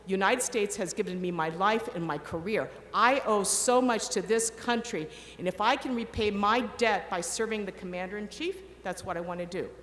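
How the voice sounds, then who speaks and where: A middle-aged woman giving a commencement speech, telling an animated story and acting out the quoted voices. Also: mid-range voice, normal speed, few pauses, slight background noise. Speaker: commencement speaker. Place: large ceremony hall. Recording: echoey hall with long reverb, faint ambience.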